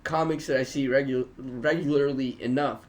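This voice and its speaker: A man, a comedian guest, telling animated, profane stories in a casual studio podcast chat. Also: mid-range voice, normal speed. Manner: animated storyteller, swears often.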